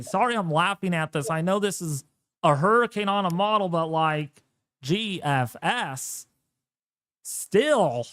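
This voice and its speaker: Hosting a live weather stream, a man talks unhurriedly, his commentary animated, jokey and packed with exclamations. His voice sits high. The recording is dry, with no room sound and no echo.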